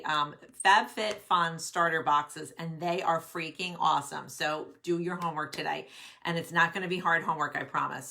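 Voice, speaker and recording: A middle-aged woman with a deep voice and a sharp tone coaches careers on a relaxed live stream. She's bubbly and chatty and greets viewers by name, recorded on a desk webcam.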